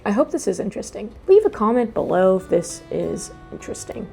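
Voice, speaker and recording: A young woman hosting a relaxed craft vlog, chatting casually and rambling into sudden asides to herself. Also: medium pitch, a little fast, creaky, soft background music. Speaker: host. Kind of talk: casual chat while doing a craft.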